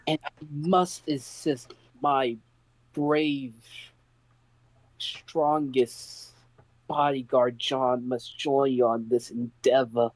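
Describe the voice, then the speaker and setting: A man voices a scheming young noblewoman who guards a precious ruby. The delivery is slow and hesitant, with pauses between phrases. The sound is dry and close. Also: medium pitch, steady tone, dry recording, low-quality recording. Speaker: player. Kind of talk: in-character tabletop role-play.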